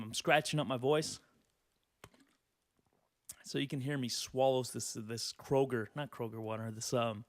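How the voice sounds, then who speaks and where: A man in his twenties hosts a solo podcast, rambling, cursing casually and laughing often as he talks. His voice is medium-pitched with a fairly bright tone, recorded without echo.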